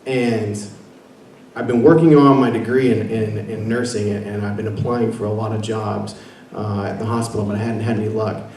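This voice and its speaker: A man's voice: on the low side, steady tone, normal speed, a little mellow, far from the mic. A young man from Washington State giving an earnest personal faith testimony as a guest speaker, with many fillers and restarts. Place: meeting room with an audience. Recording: echoey room, picked up from afar, faint noise.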